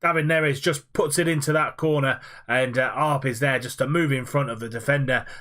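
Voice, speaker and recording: A young man giving play-by-play football commentary over his own video game matches, quick and fluent with frequent "uh" fillers. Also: mid-range voice, fairly even intonation, a bit bright.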